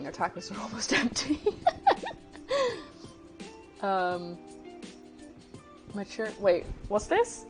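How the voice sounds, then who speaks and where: A woman hosting a cooking livestream, chatting casually and rambling, laughing easily as she greets her chat. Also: mid-range voice.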